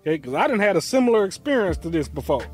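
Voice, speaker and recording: A man hosting a reaction show, giving loud, animated commentary and swearing freely. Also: sits high, rapid-fire, slightly rough, soft background music. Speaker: host.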